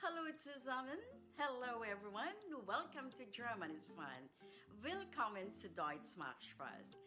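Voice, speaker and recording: A woman teaching a radio language lesson, enunciating slowly and carefully and repeating each word. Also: fairly high pitch, big pitch swings, loud music behind the voice.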